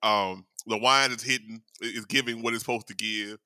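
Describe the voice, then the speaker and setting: A man co-hosting a casual chat podcast, playful and laughing, swinging to loud high outbursts, on a close mic. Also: fairly even intonation, brisk, a little hiss or hum. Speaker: podcast co-host.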